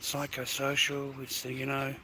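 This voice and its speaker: A man's voice: mid-range voice, monotone, normal speed, noisy background. An Australian man rambling through a live-stream monologue, swearing constantly and sounding aggrieved, outdoors in an industrial area. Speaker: livestreamer.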